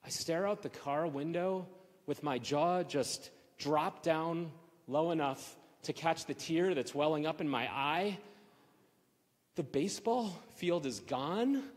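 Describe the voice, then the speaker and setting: A man's voice: a little high, slow pace. A man in his forties telling a personal story at a live story slam, emotional and repeating phrases for emphasis. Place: synagogue hall at a live event. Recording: long hall reverb.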